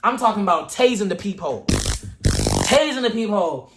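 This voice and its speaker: Animated young man telling a story in an echoey room. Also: sits high, normal speed, gravelly, very noisy. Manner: animated, dramatic retelling with slang and asides to viewers. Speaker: vlogger. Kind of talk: casual storytime to camera.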